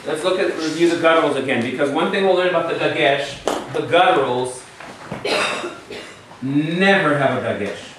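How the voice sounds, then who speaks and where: A man's voice: fairly high pitch, lively intonation, moderate pace, noisy background. Man teaching a class in a roomy hall. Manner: patient, asks the class questions. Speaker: Hebrew teacher. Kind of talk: classroom lecture. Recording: echoey room from far off.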